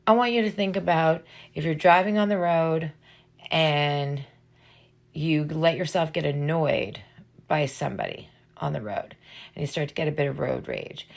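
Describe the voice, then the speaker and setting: A woman's voice: low-pitched, gravelly. A middle-aged woman hosting a podcast, giving an earnest motivational talk and checking in with her listeners with a frequent "right?". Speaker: podcast host. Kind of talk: motivational monologue.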